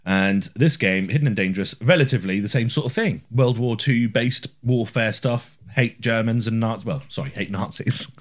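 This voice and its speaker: A man's voice: fairly low pitch, moderate pace, hardly any pauses. A man co-hosting a casual chat about retro video games, joking and laughing often as he talks. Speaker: podcast co-host.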